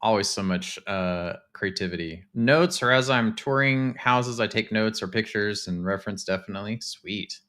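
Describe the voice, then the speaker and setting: A man, casually chatting to his live-stream viewers while touring game houses, excitable and talkative. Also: lowish voice, moderate pace, hardly any pauses. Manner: chatty, excitable, talks to chat.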